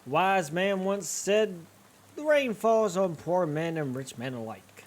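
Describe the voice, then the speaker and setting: An easygoing old hobo man from a game, drawling slowly and contentedly, as a streamer voices him. His voice swings lively up and down. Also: medium pitch.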